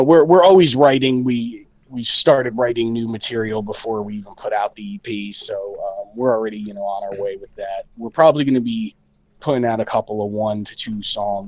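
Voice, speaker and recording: A man's voice: medium pitch, dry recording, poor audio. A man recovering from the flu and out of breath, talking in a rambling way full of fillers and swearing as a guest in a casual studio interview. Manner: rambling, many fillers and profanity. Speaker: band member guest. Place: recording studio.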